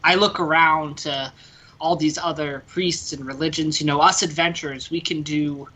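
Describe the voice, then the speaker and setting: A player with an American accent voicing an earnest priest adventurer, pleading haltingly with many pauses. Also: medium pitch, fairly even intonation, pushed and bright, low-quality recording. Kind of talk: tabletop game role-play.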